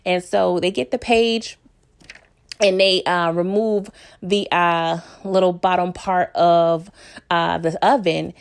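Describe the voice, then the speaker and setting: A woman chatting casually to her viewers in an episode recap, animated and quick to laugh, leaping up in pitch as she acts out lines. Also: vocal fry, clean tone. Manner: animated, laughs often, jumps up in pitch when acting out lines; talks straight to viewers.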